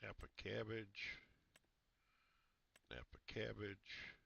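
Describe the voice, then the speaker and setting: Low-voiced bright man streaming a game. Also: flat delivery, creaky, muffled recording. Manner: mumbles through in-game choices, halting restarts. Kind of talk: casual gameplay chat.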